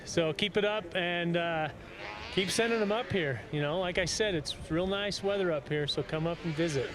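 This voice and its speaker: A man's voice: high-pitched, moderate pace, crowd noise. A man reporting from a snowy mountain top, chatting in a friendly, encouraging way with a racer. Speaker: on-course reporter. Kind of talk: live field reporting and interview. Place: snowy mountain summit outdoors.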